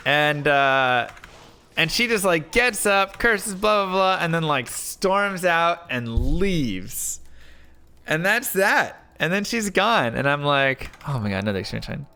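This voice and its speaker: A man live-streaming, telling a rambling story in a casual, animated way with lots of filler words. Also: fairly high pitch, clean tone. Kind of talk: casual storytelling while gaming.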